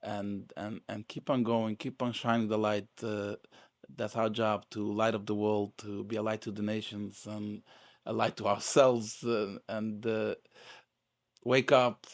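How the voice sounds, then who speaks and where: Podcast guest: earnest man, halting restarts, dry close mic. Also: fairly low pitch, level tone, dry recording. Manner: earnest, repeats words and restarts often. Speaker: podcast guest, real estate agent. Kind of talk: casual conversation.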